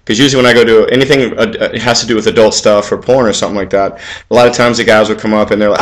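A man in his forties hosts his own vlog, chatting casually into the camera in a fast, rambling monologue full of fillers and restarts. His intonation stays fairly even, he swears freely, and his voice rises in volume and pitch when he offers advice.

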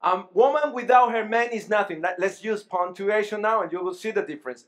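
A man's voice: high-pitched, fairly quick, fairly bright tone. A man preaching a sermon to his congregation, often asking them questions, repeating and restarting words as he goes. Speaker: pastor. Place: church sanctuary.

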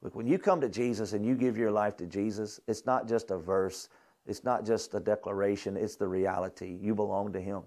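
A young man giving a fervent sermon-style lecture at a ministry school, exhorting his listeners and dropping into soft prayer. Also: lowish voice, fairly even intonation, a little fast.

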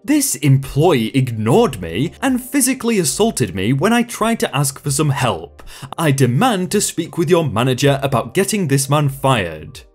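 A woman's voice: a bass voice, big pitch swings, a little slow, darkish tone, slightly rough, soft background music, exaggerated voice. A man voicing an entitled middle-aged woman shopper. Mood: smug. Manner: demanding, indignant.

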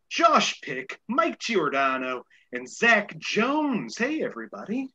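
A man's voice: sits high, wildly swooping pitch, takes it slowly, few pauses, sharp tone, dull audio. A man with a light Boston accent hosting a casual game show podcast, rambling with many fillers and repeated words. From Boston area.

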